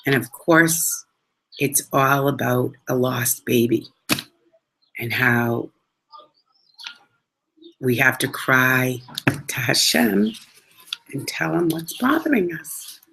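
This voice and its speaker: A woman casually telling a personal story in an animated, chatty way, dropping in Hebrew religious words. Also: very deep voice, slow pace, creaky, long pauses, husky, rough recording.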